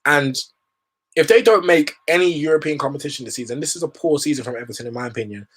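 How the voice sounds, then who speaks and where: A man's voice: fairly high pitch, fast, fairly bright tone, slightly rough. Man, young adult, football show host, rambling opinionated chat, slangy. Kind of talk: casual football commentary monologue.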